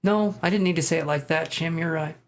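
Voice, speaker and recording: Man, slightly high voice, casual live-stream chat, jokey, swears a lot. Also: brisk, vocal fry. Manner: joking, laughing, swearing freely. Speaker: tarot reader and live-stream host.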